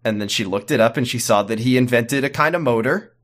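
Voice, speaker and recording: A man's voice: medium pitch, brisk. A man co-hosting a podcast, chatting in a loose, joking way, full of fillers. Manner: rambling, jokey, frequent "like" fillers. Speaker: podcast co-host. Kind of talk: casual comedic chat.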